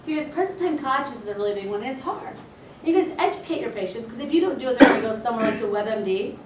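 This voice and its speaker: A woman's voice: a little high, lively intonation, very fast, background noise. A woman chiropractor giving a casual, chatty seminar talk to colleagues and acting out bits of dialogue. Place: meeting room. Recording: echoey room, mic at a distance.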